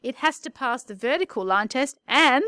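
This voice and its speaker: Playful high-voiced maths teacher. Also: female voice, expressive, normal speed, bright, forceful tone, dry recording, studio quality. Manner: playful, chatty, jokey asides. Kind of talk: recorded maths lesson.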